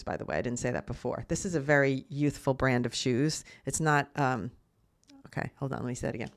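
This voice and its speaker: A woman's voice: extremely low pitch, brisk. A middle-aged woman hosting a casual solo podcast, telling a rambling story and often restarting and correcting herself. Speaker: podcast host.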